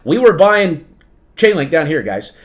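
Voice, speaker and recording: Male livestream host, slightly high pitch, emphatic, repetitive, talks to viewers as folks. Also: sing-song, a little slow. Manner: emphatic, repetitive, peppers lines with "okay?" and "right?". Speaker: trading channel host. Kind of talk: livestream market commentary.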